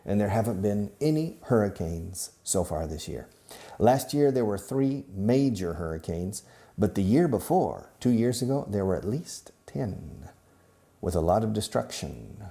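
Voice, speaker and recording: Lively, mellow-voiced male English teacher. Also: sits low. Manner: animated, repetitive drilling with Spanish asides. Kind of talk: filmed English lesson to camera. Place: classroom or studio filmed by a camera operator.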